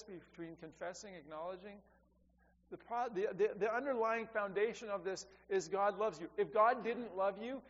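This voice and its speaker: A middle-aged man preaching a sermon as a pastor, earnest and repetitive, swinging between loud and soft. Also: sits high. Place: church sanctuary. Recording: dull lo-fi sound with long hall reverb and faint hum.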